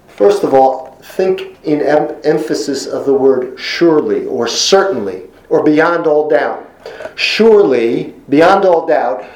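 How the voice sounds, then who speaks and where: A man preaching a sermon in an earnest, emphatic way, slowing down to stress key phrases. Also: mid-range voice, a little mellow, reverberant, low-quality recording.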